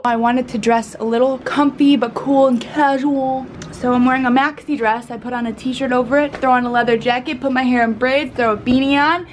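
A woman's voice: sits high, fairly even intonation, brisk, slight background noise. A young woman vlogging casually from a hotel room, bubbly and goofy, talking to herself into a handheld camera.

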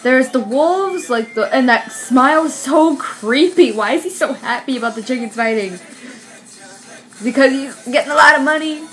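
A young woman hosting a reaction video, excitable, shrieking and laughing as she comments. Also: high voice, normal speed.

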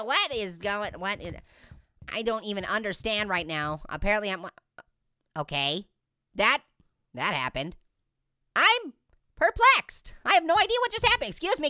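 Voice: pushed and bright, clear, resonant tone, no room sound, heavily acted. A performer voicing a hyperactive, wisecracking cartoon orange, joking and punning through game commentary. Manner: goofy, punning, giggly, high-energy. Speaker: gaming let's-play host. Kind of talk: let's play game commentary.

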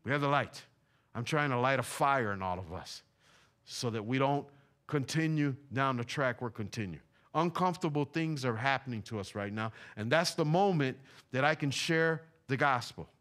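A man's voice: medium pitch, lively intonation, moderate pace, fairly bright tone. A middle-aged man from Puerto Rico, preaching a fervent sermon in a church, repeating his points with emphasis. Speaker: pastor. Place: church sanctuary.

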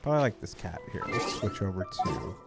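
Playful, lively-voiced man streaming a game. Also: low voice, moderate pace, creaky, over loud music. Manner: playful, joking, swears freely. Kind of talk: casual live-stream chat while gaming.

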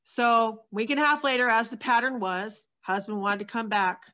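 A woman's voice: on the high side, moderate pace, sharp tone, muffled recording. A woman sharing her personal testimony as a guest, in a candid, earnest storytelling manner with many fillers.

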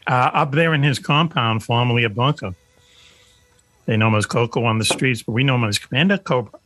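A man's voice: medium pitch, brisk, fairly bright tone, soft background music. A man hosting a radio show over a video call, introducing his co-hosts with playful jokes. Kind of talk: casual banter on a radio show.

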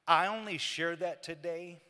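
A man giving a eulogy for his brother at a church memorial service, telling the story in a halting, emotional way and quoting their conversations. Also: a little high, sharp tone. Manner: halting, emotional retelling with quoted dialogue. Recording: echoey church hall.

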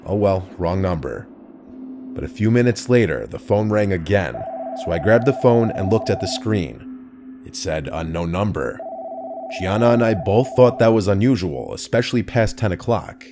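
Deep-voiced man narrating calmly. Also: noisy background. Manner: low, calm, measured storytelling. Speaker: horror story narrator. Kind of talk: scripted narration.

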